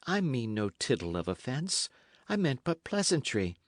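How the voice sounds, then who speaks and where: A man voicing a timid, gentle young runaway who pleads softly and anxiously in an old-fashioned storybook tale. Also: mid-range voice, very animated, normal speed, dry recording, studio quality, close to an everyday voice. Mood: pleading. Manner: soft, anxious, imploring.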